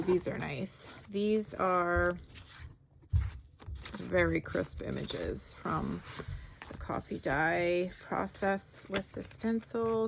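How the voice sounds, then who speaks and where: A woman hosting a craft video, talking slowly and softly as she walks through her project with gentle enthusiasm. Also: lowish voice, gravelly, slight background noise. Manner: slow, soft-spoken, gently enthusiastic. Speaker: craft channel host. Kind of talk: craft-along narration.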